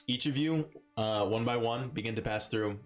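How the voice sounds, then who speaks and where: A man's voice: medium pitch, normal speed, soft background music. A man narrating as dungeon master of a live-streamed tabletop game, playful and rambling, often breaking into laughter.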